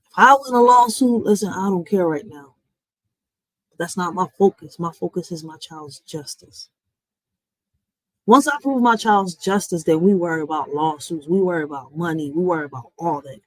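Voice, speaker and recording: A woman's voice: on the low side, moderate pace, dry recording, low-quality recording. A woman streamer talking to her live chat in a blunt, heated rant, swearing and addressing viewers directly. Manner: blunt and heated, swearing, with sudden loud and quiet swings; talks straight to viewers, often with "listen" and "y'all". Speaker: reaction streamer.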